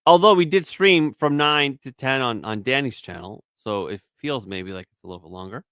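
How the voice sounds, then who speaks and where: A man's voice: medium pitch, lively intonation, moderate pace, a bit bright, smooth, no echo, clean studio sound. A man co-hosting a casual live-stream show, reading chat messages aloud and teasing his co-host. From Canada. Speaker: podcast co-host.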